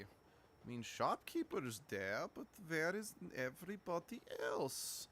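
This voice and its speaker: A man's voice: a little high, very animated, slow, a bit bright, slight background noise. A man streaming a video game, chatting casually and joking as he plays. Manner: joking, reads game lines in put-on voices. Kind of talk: casual let's-play commentary.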